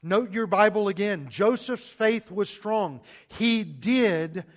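A high-pitched male pastor delivering a sermon, pressing his congregation with rhetorical questions. He builds to forceful emphasis, then drops to a hushed near-whisper, leaving long dramatic pauses between phrases. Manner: calls listeners "beloved", asks rhetorical questions.

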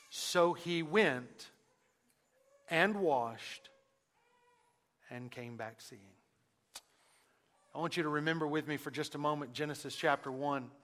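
A man preaching a sermon, who asks the congregation questions and uses dramatic pauses, moving between loud emphasis and near-hushed lines. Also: on the high side, in a large hall. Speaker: pastor.

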